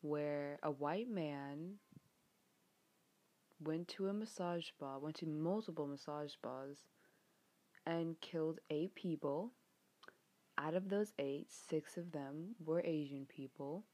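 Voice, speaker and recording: A young American woman ranting in a frustrated, exasperated way, swearing often, her voice getting a bit hoarse. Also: low-pitched, takes it slowly, long pauses, mellow. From United States. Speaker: vlogger. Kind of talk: rant vlog.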